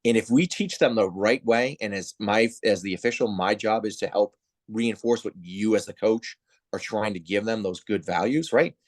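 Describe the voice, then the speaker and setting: A man's voice: lowish voice, moderate pace. A man who heads volleyball officiating, telling stories in a casual interview and acting out the people he quotes. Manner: animated storyteller, acts out quoted voices. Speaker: head of volleyball officials, guest.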